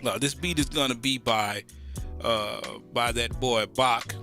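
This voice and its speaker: A Southern American man co-hosting a podcast, talking loose and full of slang. His voice is bright and forceful, with faint music playing behind him. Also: medium pitch, unhurried. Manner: animated, joking, slangy. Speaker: podcast co-host. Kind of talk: casual chat.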